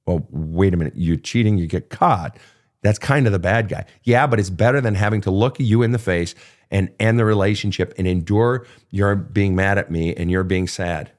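A man's voice: low-pitched, moderate pace. A middle-aged man, a relationship counselor hosting his show, giving blunt, profane, emphatic advice in a casual monologue. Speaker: relationship counselor and podcast host.

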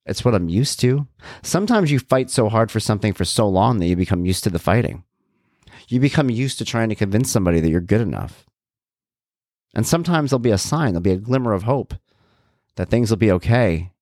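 A man's voice: fairly low pitch, very animated, a little fast, a little mellow, no echo, clean studio sound. A middle-aged man speaking earnestly and confidingly to viewers in a reflective personal monologue about his life. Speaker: vlogger sharing life advice.

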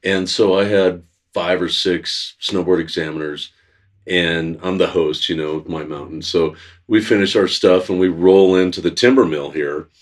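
A man, a snowboard instructor, recounting an old story in a steady manner. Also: low voice, moderate pace, far from the mic. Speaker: snowboard instructor and exam host. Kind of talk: interview anecdote.

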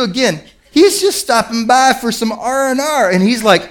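Male pastor preaching, high-ish voice, lively funny storytelling. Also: moderate pace. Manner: animated, humorous storytelling with laughs. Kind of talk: sermon.

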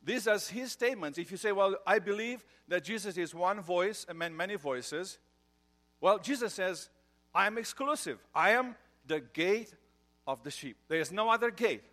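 A man's voice: high-pitched, expressive, normal speed, sharp tone. Man preaching a conversational sermon. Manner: conversational, with fillers and joke telling. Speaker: pastor.

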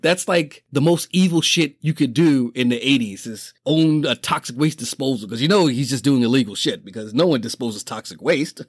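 A man's voice: medium pitch, no room sound, studio quality. A man casually retelling a movie plot, laughing often and acting out the characters' lines with profanity. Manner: animated storytelling, laughs often, acts out quotes. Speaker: movie recap host.

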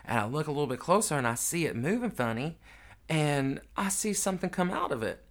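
A grieving man hosting his podcast, telling a raw, emotional family story with a lot of swearing, moving between hushed sorrow and loud, excited retelling. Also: on the high side, fairly quick. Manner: candid and profane, swings from hushed grief to loud excited retelling. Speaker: podcast host.

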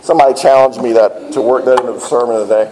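A man's voice: medium pitch, steady tone, fast, mellow, poor audio. Earnest man preaching a sermon. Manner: earnest, plainspoken with frequent "uh" fillers and repeated words. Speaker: pastor.

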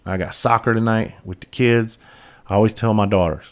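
A man's voice: on the low side, fairly quick, clear, resonant tone. A middle-aged man hosting a podcast, telling rambling, profane stories about his years in police and fire work in a casual monologue. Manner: profane, rambling and animated, with frequent restarts. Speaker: podcast host, former police officer and firefighter.

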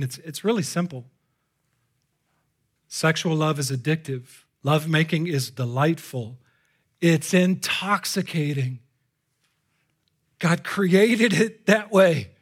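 Man, pastor preaching to a congregation; slightly high-pitched, lively delivery that jumps from exclamations to hushed asides. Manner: animated, swings between loud exclamations and hushed asides. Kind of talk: live sermon. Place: church before a congregation.

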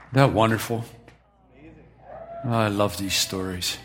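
A man's voice: on the low side, fairly even intonation, measured pace, over a noisy crowd, very noisy. A man leading a church service as pastor, telling stories and praying in an enthusiastic, encouraging way. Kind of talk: sermon and church announcements.

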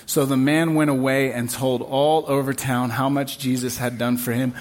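A man's voice: medium pitch, flat delivery, moderate pace, hardly any pauses, darkish tone. A man preaching a sermon at a church service, emphatic and building on repeated refrains. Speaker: pastor.

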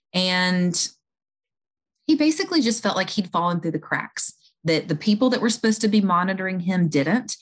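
A woman who works in home health, earnestly explaining a patient story in a conversation, with fillers and restarts along the way. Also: lowish voice.

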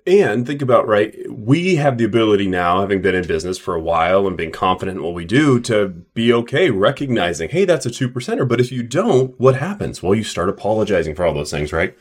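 A man's voice: fairly low pitch, expressive, brisk, few pauses, slightly rough. A man who co-hosts a podcast and runs a clinic, speaking emphatically in a coaching tone and acting out mock dialogue. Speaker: podcast co-host, clinic owner. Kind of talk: casual business podcast chat.

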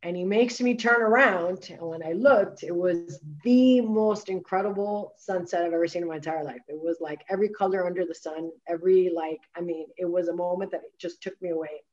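A woman's voice: lowish voice, a little fast, hardly any pauses, a little mellow, lo-fi sound. A woman guest, a wellness coach, telling her personal story candidly in conversation, emphatic and full of filler words and restarts.

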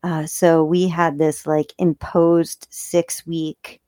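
A woman telling a personal story in a casual, chatty way. She talks fast and laughs often. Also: deep voice, flat delivery, dark tone, no room sound, clean studio sound. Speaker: video creator.

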